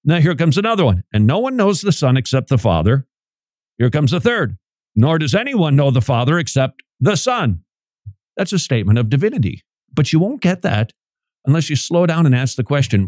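Animated, emphatic male radio preacher. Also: moderate pace, dry recording, studio quality. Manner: emphatic, dramatic preaching with sudden pitch swings. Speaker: radio show host. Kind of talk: radio Bible teaching.

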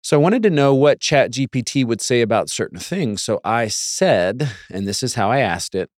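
A man's voice: medium pitch, animated, brisk, hardly any pauses, no echo, studio quality. A man hosting a talk show in a casual monologue, with wry, sarcastic asides and mock voices for quotes. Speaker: podcast host.

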